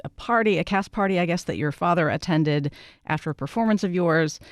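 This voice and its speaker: A woman hosting a radio interview, asking measured, probing questions. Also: on the low side, no room sound, studio quality. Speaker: radio host.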